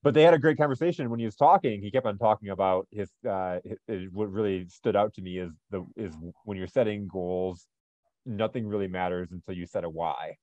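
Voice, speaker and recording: A man's voice: lowish voice, fairly quick, a little mellow, no echo, muffled recording. A man co-hosting a podcast, chatting casually and telling stories in an earnest, motivational way. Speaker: podcast co-host.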